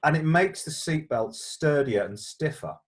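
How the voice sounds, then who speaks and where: A man's voice: a little high, unhurried. A middle-aged man co-hosting a car show, chatting casually through viewer letters in a jokey, stammering way. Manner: lively, jokey, stammering restarts.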